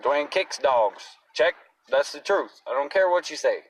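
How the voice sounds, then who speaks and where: A man's voice: fairly high pitch, lively intonation, unhurried, far from the mic, poor audio. A man in a casual, agitated rant, talking bluntly and swearing often. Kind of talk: casual profane rant to camera.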